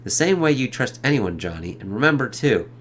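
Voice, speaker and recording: A man's voice: mid-range voice, big pitch swings, a little fast, fairly bright tone, slight background noise. A man voicing a stern woman agency director who speaks curtly and matter-of-factly. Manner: curt, matter-of-fact.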